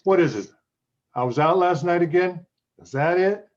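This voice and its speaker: A man's voice: high voice, lo-fi sound, lightly acted. A man playing a desperate young husband begging his wife to stay, in an acting class scene over a video call. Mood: confused. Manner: pleading, halting repetitions.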